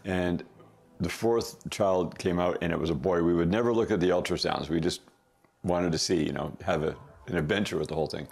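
A middle-aged man casually telling a family story as a podcast guest, chuckling often and throwing in quick asides. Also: low voice, steady tone, vocal fry, darkish tone.

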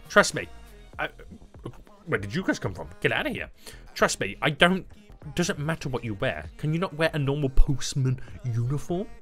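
Hyped guy narrating his game, pitch jumping all over, faint music behind. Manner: excitable, jokey, calls viewers "boys". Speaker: gaming YouTuber. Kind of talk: energetic gameplay commentary.

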